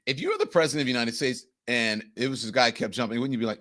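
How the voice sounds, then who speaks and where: A man hosting a show, giving animated, exasperated political commentary over news clips. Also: mid-range voice, rapid-fire, few pauses. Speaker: show host.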